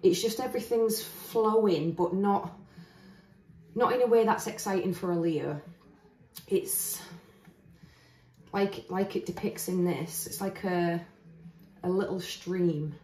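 A woman's voice: fairly low pitch, slow pace, pauses often, a little mellow, a little hiss or hum. A woman doing a casual tarot reading. She talks in a chatty, earnest way and thinks aloud with restarts. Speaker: tarot reader. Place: indoors, standing at a table of cards. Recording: roomy echo, voice heard from a distance.

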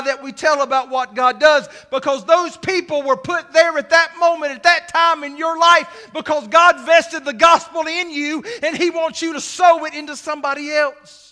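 A male pastor preaching a sermon, swinging from shouts to hushed asides. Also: extremely high pitch.

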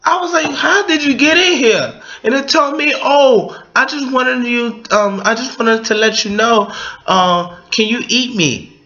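A man voicing a jittery patient who says snack chips talk to him, rambling excitably in a comedy sketch. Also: unhurried, exaggerated voice. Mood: spooked. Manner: high-pitched, excitable, rambling. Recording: lo-fi home video.

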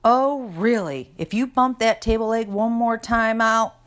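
A woman's voice: lowish voice, sing-song, a little slow, pitched above the performer's own voice. A woman doing a haughty, icy teenage girl. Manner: sharp, nasty, superior tone.

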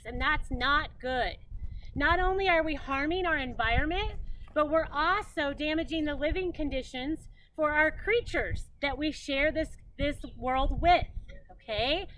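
A woman's voice: high voice, fairly bright tone, recorded from a distance, slight background noise, rough recording. A woman physical education teacher explaining a lesson to children in an upbeat way. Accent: American. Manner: upbeat, addresses children directly with frequent "okay?".

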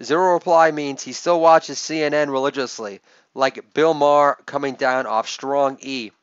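A middle-aged man hosting a comedy podcast, rattling off sarcastic jokes with sudden loud outbursts. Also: mid-range voice, steady tone, clear, resonant tone, no room sound. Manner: sarcastic, rapid joke delivery with loud outbursts. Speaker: podcast host. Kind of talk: comedic monologue. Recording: dull lo-fi dry podcast audio.

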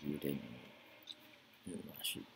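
A man's voice: takes it slowly, very noisy. A man giving casual gameplay commentary, mumbling to himself and talking to the characters on screen. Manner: mumbling, talks to the game characters. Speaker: Let's Play gamer.

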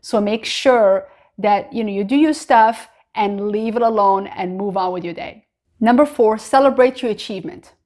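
A woman's voice: medium pitch, normal speed, a little mellow. A woman in her thirties giving an encouraging faith-based self-help talk to camera, earnest and full of "you know" asides. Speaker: vlogger.

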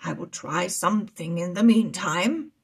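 A woman voicing a calm, wise old wizard in a children's read-aloud story. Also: on the low side, measured pace, slightly rough, full character voice.

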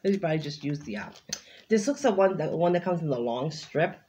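A woman vlogger opens craft mail and gushes over every piece. Her pitch swings widely, though her voice sits on the low side. Faint noise hums under the recording. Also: animated, a little fast, dark tone. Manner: gushing, exclaims over each item. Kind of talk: casual unboxing chat.

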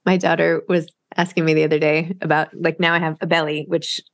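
A middle-aged woman hosting an interview, chatty and quick with asides, laughing easily. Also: low-pitched, level tone, no echo. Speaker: podcast host. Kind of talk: conversational interview.

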